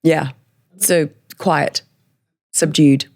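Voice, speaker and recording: A woman from northern England with a hybrid northern English and Scottish accent, talking frankly as a podcast guest, chatty and quick to laugh. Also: sits low, steady tone, gravelly, a little mellow. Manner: frank, chatty, laughs often, slows for emphasis. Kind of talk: candid personal interview.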